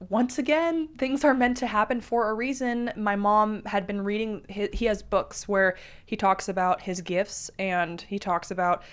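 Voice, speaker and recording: A woman in her twenties, an interview guest, telling a personal story in animated, casual talk full of "like" and acted-out quotes. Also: medium pitch, normal speed, few pauses, smooth. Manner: animated, heavy use of "like", acts out quotes.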